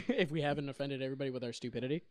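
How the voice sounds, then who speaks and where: A young man co-hosting a casual comedy podcast rambles very fast, interrupting himself and laughing often. His medium-pitched voice is a little mellow. The recording is studio quality with no echo.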